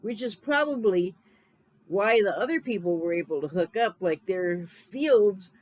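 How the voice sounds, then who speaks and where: A woman's voice: medium pitch, animated, measured pace, a little mellow, low-quality recording. Chatty woman in her fifties rambling. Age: 50s. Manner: rambling and chatty, corrects herself, laughs often. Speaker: film reviewer. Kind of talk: casual spoken film recap.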